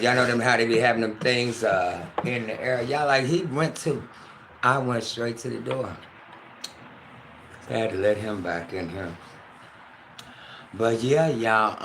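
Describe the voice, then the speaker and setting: With a medium-pitched, slightly bright voice, a man runs a casual livestream from his home kitchen. He rambles, swears without restraint and talks directly to viewers in chat. The space sounds echoey, with noise in the background.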